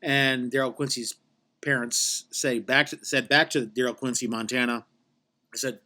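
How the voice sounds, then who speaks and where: A man hosting a podcast, telling a rambling comic story with deadpan asides and constant restarts. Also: mid-range voice, moderate pace. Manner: meandering, self-correcting, deadpan tall tale. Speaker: podcast host.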